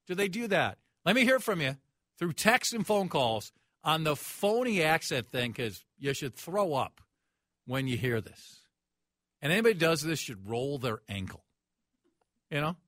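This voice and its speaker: A man's voice: high voice, very animated, moderate pace, fairly bright tone, dry recording, clean studio sound. A man hosting a sports talk radio show, ranting in a mocking, incredulous way.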